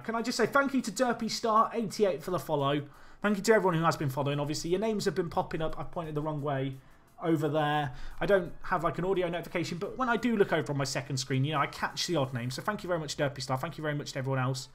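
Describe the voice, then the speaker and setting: Young streamer, animated casual commentary, a touch high-pitched, soft music underneath. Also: male voice, fast. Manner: chatty, animated, reacts to chat.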